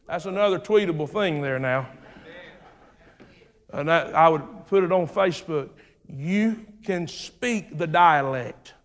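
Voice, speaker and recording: A man with a high voice preaches slowly and deliberately. His rhythmic sermon climbs to shouted lines, then sinks to low, hushed phrases. The sound rings with the long reverb of a church hall. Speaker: pastor.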